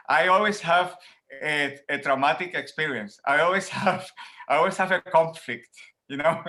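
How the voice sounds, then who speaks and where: Animated man with a bright voice. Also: a little high. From Puerto Rico. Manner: animated, laughs often, repeats words while thinking. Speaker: professor guest. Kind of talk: conversational interview answer. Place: at home.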